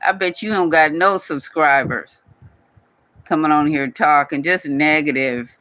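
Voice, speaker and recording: Scolding man, bright close voice. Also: a little high, a little slow, no echo, poor audio. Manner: scolding, repetitive, speaks directly to viewer. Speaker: channel owner addressing a commenter. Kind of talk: casual scolding vlog rant.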